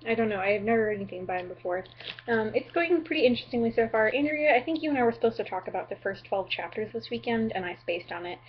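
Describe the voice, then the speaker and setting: A woman's voice: on the high side, expressive, fast, husky, lo-fi sound. A young woman from the Upper Midwest chatting in a goofy, apologetic, rambling way on her vlog, full of ums and likes. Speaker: vlogger.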